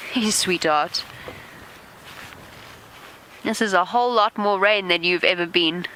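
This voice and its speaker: A woman presenting a live safari broadcast from an open vehicle, chatting lively and talking softly to animals. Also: on the low side, a little hiss or hum, rough recording. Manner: chatty, warm toward animals, lively asides. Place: open safari vehicle outdoors in rain and wind.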